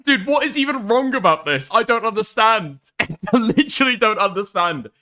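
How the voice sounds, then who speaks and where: A man's voice: high voice, expressive, normal speed, sharp tone, slight background noise. A man reacting to video clips in a sarcastic, mocking way, laughing often and swearing heavily. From United Kingdom. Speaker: commentary streamer. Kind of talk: casual reaction commentary.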